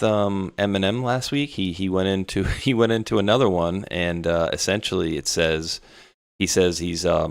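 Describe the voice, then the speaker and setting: A man's voice: low-pitched, creaky. A man co-hosting a podcast, animatedly retelling a text exchange in casual chat. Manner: animated storytelling, quotes others.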